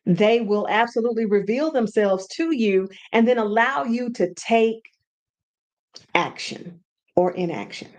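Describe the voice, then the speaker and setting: A woman hosting a casual teaching talk from home, animated and repeating words for emphasis. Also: a little high, a little slow. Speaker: podcast host and brand coach.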